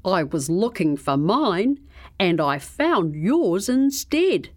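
A woman voicing a cheerful male crocodile who gets cross easily, speaking in a slow, sing-song, emphatic way. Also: on the low side, big pitch swings, a little mellow, no room sound, clean studio sound, exaggerated voice. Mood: friendly.

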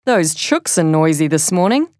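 A woman's voice: deep voice, very animated, normal speed, darkish tone, dry recording. An Australian woman voicing a weary, dry-humoured father, wry and lightly exasperated.

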